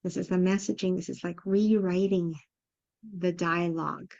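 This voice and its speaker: A woman's voice: on the low side, fairly even intonation, moderate pace, vocal fry, darkish tone, dry recording, lo-fi sound. A woman giving an earnest, emphatic webinar talk to parents as a parenting coach, repeating her key points.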